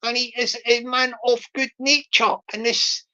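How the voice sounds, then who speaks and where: A woman's voice: on the high side, little pitch movement, measured pace, sharp tone. A woman hosting her own channel, chatting in a rambling casual way with many restarts and fillers. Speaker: channel host. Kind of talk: rambling casual vlog chat. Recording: dull lo-fi recording.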